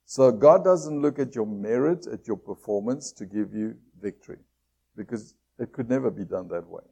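A man preaching a sermon as a pastor. He reads scripture aloud, asks his listeners many rhetorical questions and slows down to stress key phrases. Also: fairly low pitch, lively intonation, creaky, mellow, breathy edge.

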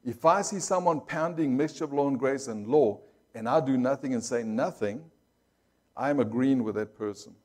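A man's voice: medium pitch, normal speed. A man preaching to his congregation in a sermon. He tells a personal story and slips into the voices of the people he quotes. He calls out to the listeners as he goes. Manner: storytelling, acting out quoted voices, audience call-outs. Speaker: pastor.

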